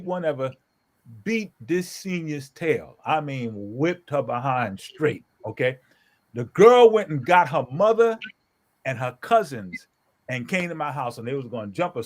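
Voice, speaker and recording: In a relaxed group conversation, a middle-aged pastor with a slightly high voice tells a story, his pitch swinging widely up and down. He's animated and emphatic, frequently tagging his points with a quick "okay?" for his listeners.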